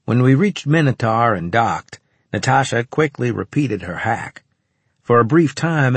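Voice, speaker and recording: A man reads a first-person audiobook in a steady, measured way, his voice husky and breathy. He sits at a middle pitch, and the studio sound is dry and close with no room around it. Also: no echo. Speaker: audiobook narrator.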